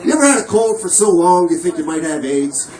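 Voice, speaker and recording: A man's voice: sits high, big pitch swings, a little fast, very noisy. A man doing a crude, profane, rambling stand-up comedy set on a comedy club stage. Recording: roomy, distant mic, loud crowd laughter.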